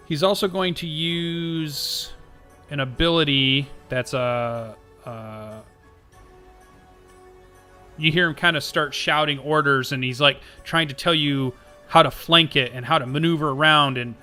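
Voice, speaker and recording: Bright-voiced man narrating a tabletop game. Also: mid-range voice, faint music behind. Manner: slow, halting narration with many fillers. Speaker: game master.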